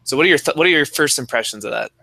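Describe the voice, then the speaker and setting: A man's voice: fairly high pitch, very fast, gravelly, pushed and bright, dry recording. A young man co-hosting a podcast with dry, wry humor, who also reads passages aloud. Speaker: podcast co-host and teacher. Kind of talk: casual chat, reading aloud.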